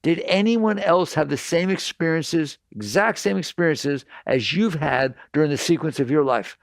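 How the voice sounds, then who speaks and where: Gravelly older man giving a spiritual talk. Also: fairly high pitch, normal speed, no echo. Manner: direct, insistent, repeats points. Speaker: spiritual teacher. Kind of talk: talk to an audience.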